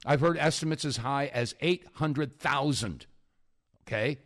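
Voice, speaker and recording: A man's voice: medium pitch, a little slow, a bit bright. A man hosting a talk radio show, rambling in a chuckling, filler-heavy monologue.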